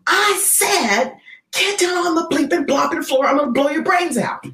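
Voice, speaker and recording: A woman mimicking a male bank robber who yells threats while she retells a robbery. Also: animated, moderate pace, roomy sound, recorded from a distance, full character voice. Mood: menacing. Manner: yelling threats, rising pitch.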